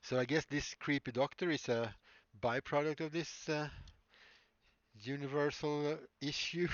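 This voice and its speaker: A man's voice: a little high, steady tone, unhurried, no room sound, muffled recording. Rambling man chatting on a live stream. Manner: rambling, answers chat, laughs often. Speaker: livestreaming prop maker. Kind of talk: casual live-stream chat. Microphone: streaming mic.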